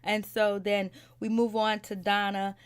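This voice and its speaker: A woman's voice: medium pitch, level tone, measured pace, clean tone. A woman giving a casual, opinionated recap of a TV episode, chatty and slangy, laughing often between her comments. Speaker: reality TV recap vlogger.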